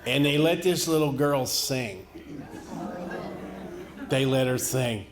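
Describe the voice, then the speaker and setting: A middle-aged man from the rural United States doing a stand-up comedy set, telling folksy, deadpan stories and chuckling at his own punchlines. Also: mid-range voice, slow pace, noisy background. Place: comedy venue stage before a live audience. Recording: echoey live venue with loud audience laughter.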